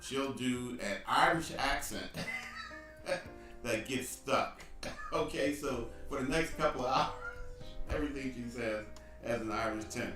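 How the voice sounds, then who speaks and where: A man with a bright, forceful voice co-hosts a casual live show, joking and laughing as he reads viewer comments. He sounds a bit far from the mic in a roomy space, with soft guitar music under him. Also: medium pitch, a little slow. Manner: teasing, laughs often, addresses viewers as family. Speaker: co-host of a live online show.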